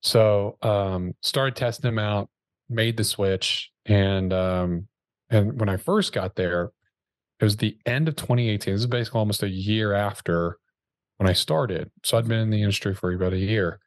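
Low-voiced man telling a casual story. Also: moderate pace, no room sound. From Dallas area, Texas. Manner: relaxed slangy storyteller, many fillers and restarts. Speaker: insurance sales agent telling his story.

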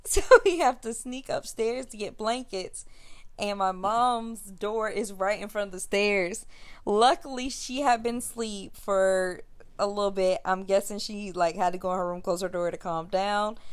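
Young woman, podcast host, animated, casual storytelling, mid pitch. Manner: animated, acts out quotes, laughs while telling.

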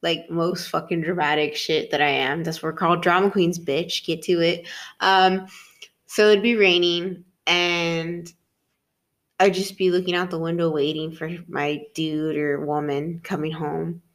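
A woman's voice: fairly low pitch, flat delivery, a little slow. Giggly young woman spinning a dramatic tale. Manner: giggly, swears a lot, dramatic storytelling. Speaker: podcast co-host. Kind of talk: casual chat.

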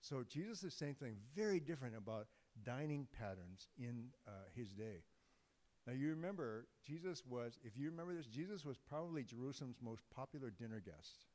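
A man delivers a sermon in an easygoing, joking way, often breaking off and restarting his phrases. His voice sits at an ordinary middle pitch. The sound rings out with the long reverb of a large church sanctuary. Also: animated, fairly quick, darkish tone. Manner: informal, joking, conversational with restarts. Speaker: guest preacher.

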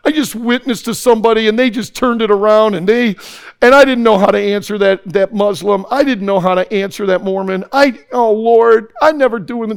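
A man preaching an impassioned sermon to young people, swinging from hushed tones to shouting. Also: sits high, a little fast, vocal fry, smooth. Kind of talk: sermon to a youth audience.

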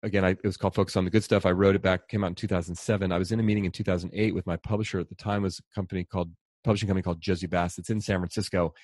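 Middle-aged male author, fast and animated storyteller, lowish voice, dry close sound. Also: dry recording. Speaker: author and speaker. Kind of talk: conversational storytelling.

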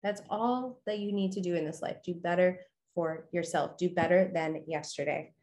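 A woman's voice: lowish voice, fairly even intonation, normal speed, a little mellow. A young woman hosting a podcast, giving a casual motivational monologue in a chatty, upbeat way full of "you know" and "okay". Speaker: podcast host.

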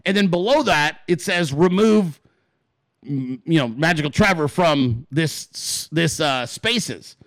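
Animated, foul-mouthed male podcast host. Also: on the high side, slow, no room sound. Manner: animated, swears a lot, acts out voices in his stories. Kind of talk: casual profane rant.

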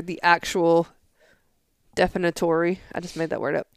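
Smooth-voiced woman podcaster, rambling. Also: lowish voice, dry recording, studio quality. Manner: rambling, argumentative, filler-heavy. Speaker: podcast co-host. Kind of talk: casual podcast chat.

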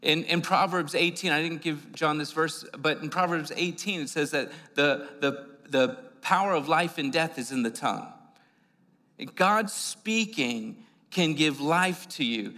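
A man preaches a sermon with a bright, slightly higher voice. His delivery is conversational, with frequent restarts and fillers. The sound carries a long hall reverb. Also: unhurried. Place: church sanctuary.

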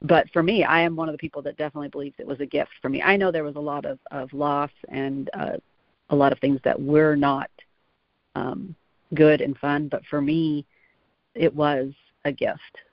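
A woman's voice: low voice, steady tone, normal speed, dry recording. A woman guest on a podcast, talking in a reflective way and laughing easily. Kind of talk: casual interview chat. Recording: dull, dry sound.

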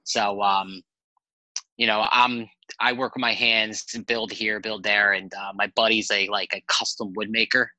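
Very bright-voiced man telling rambling stories. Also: on the low side, unhurried, no echo, poor audio. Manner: animated, rambling anecdotes with profanity. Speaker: podcast guest. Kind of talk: casual storytelling chat.

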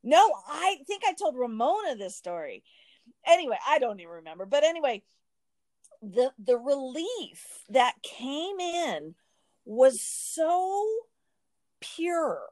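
A woman's voice: sits high, very animated, slow, a little mellow, dry recording. A woman in casual podcast conversation, telling a personal story animatedly, often restarting her sentences.

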